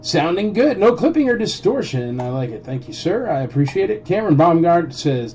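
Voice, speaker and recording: A man's voice: sits high, big pitch swings, a little fast, hardly any pauses, slight background noise. A man hosting a casual livestream toy auction, chatting and joking with bidders and greeting them by name. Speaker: live auction host. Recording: dull lo-fi stream with loud music.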